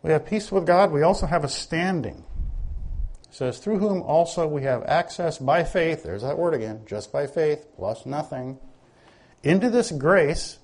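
A man's voice: fairly high pitch, normal speed, a little mellow. A man preaching a sermon in a conversational teaching manner, often asking his listeners questions.

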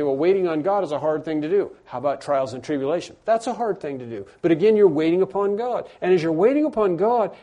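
A man preaching a sermon as pastor, emphatic, moving between hushed passages and loud, drawn-out stressed phrases. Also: sits high.

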